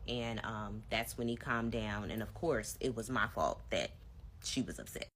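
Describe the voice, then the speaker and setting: Low-voiced woman telling a story. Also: a little slow, slight background noise. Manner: animated storytelling, acts out both sides of arguments; casual, addresses viewers directly. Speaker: vlogger. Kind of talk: storytime vlog.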